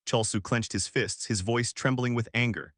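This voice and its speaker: A man narrating a comic story recap in a scripted, animated way. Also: medium pitch, moderate pace, no echo, clean studio sound.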